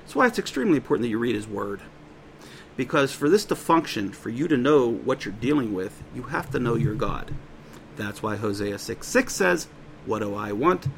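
A man with a drawl preaching to his congregation in a loose, conversational way. His pitch sits right in the middle for a man. He breaks into quoted voices now and then, and a faint hiss of background noise runs under him. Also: big pitch swings, moderate pace, vocal fry. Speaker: pastor. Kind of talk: sermon.

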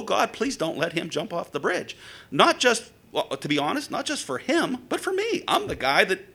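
A middle-aged preacher talks in a conversational, story-driven way, his pitch swinging widely from phrase to phrase. His voice is a little raised and gravelly, with a bright, forceful edge. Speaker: preacher, former police officer. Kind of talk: sermon with storytelling.

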